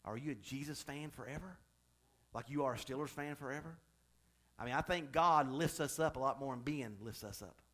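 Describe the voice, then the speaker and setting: A man's voice: mid-range voice, brisk, fairly bright tone. A male pastor delivering a sermon, moving from chatty, joking asides to fervent, emphatic preaching.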